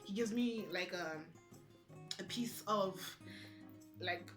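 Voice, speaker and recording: A young woman vlogging, telling a personal story in a casual, animated way and acting out what others said. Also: mid-range voice, slow pace, over music. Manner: animated, acts out other people's lines in quotes.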